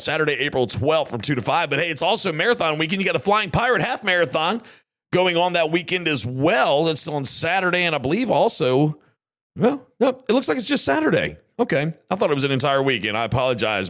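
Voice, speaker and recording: A man hosting a local podcast chats casually in a mid-range voice with a fairly bright tone. He's folksy and upbeat, sprinkling in Southern turns of phrase.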